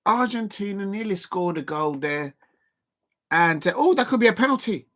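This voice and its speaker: Rambling excitable man streaming football. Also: high voice, normal speed. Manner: rambling and excitable, full of fillers and repeats. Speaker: livestream football watch-along host. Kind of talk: live football watch-along commentary.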